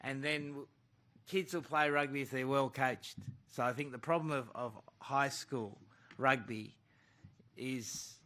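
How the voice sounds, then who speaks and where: Blunt rugby coach at a press conference. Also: male voice, mid-range voice, fairly even intonation, measured pace, bright, forceful tone. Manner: blunt, calls the questioner mate.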